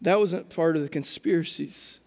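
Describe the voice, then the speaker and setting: Male pastor, high voice, chatty animated sermon delivery, big echoing hall. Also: moderate pace. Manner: casual, animated storytelling with frequent restarts. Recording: long hall reverb.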